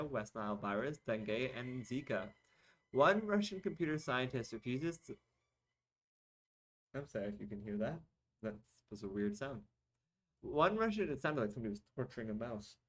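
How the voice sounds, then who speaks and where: A young man reads news stories aloud in a casual podcast, pausing often for dry, sarcastic remarks. His voice sits at an ordinary middle pitch for a man. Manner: sarcastic asides between read-out articles. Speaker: podcast host reading news.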